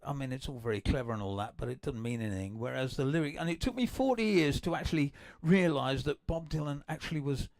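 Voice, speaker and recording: An older English man hosting a livestream, chatting in a rambling, excitable way with many restarts between songs. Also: medium pitch, fast talker, few pauses, no echo. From England. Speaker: livestream host and guitarist. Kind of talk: casual chat between songs. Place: home livestream. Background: acoustic guitar.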